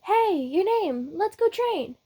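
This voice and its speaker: A woman voicing a brash, cocky young male swordsman who talks in loud, boastful, rapid outbursts. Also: very high-pitched, animated, voice pushed up, full character voice. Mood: pushy.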